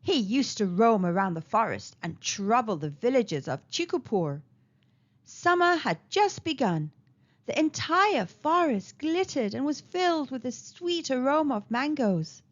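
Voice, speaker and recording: A woman reading a children's storybook aloud in an animated, sing-song way. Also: on the high side, a little slow. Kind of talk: read-aloud storybook narration. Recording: slightly dull lo-fi recording.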